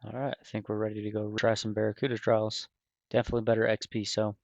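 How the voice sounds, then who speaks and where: A man's voice: lowish voice, monotone, quick pace, creaky, darkish tone, no echo. A man giving casual commentary over his own gameplay, loose and rambling, with many fillers and restarts. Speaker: gaming video creator. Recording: dull, lo-fi, dry voice recording.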